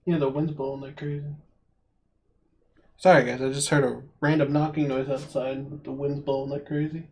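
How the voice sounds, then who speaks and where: A man's voice: medium pitch, flat delivery, normal speed, a little mellow. A man acting as game master, narrating a tabletop game over voice chat with frequent ums and restarts.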